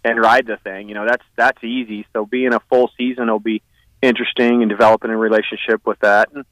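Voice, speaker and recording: A man talking as a guest on a racing radio show, relaxed and rambling, with lots of fillers. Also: lowish voice, fast talker, no echo, low-quality recording. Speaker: guest, racing team owner. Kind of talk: casual phone interview.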